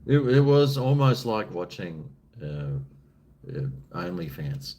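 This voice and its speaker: Australian bloke live-streaming, easygoing rambling banter, voice swings up and down a lot. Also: male voice, low-pitched, very animated, takes it slowly, noisy background. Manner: laid-back, rambling, jokey. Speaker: live streamer reading chat. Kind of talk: casual live-stream chat.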